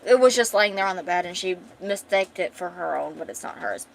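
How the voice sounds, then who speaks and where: A woman's voice: lowish voice, animated, brisk, creaky, few pauses, slight background noise. A woman streamer casually reading a comic aloud, chatty and giggly with lots of asides.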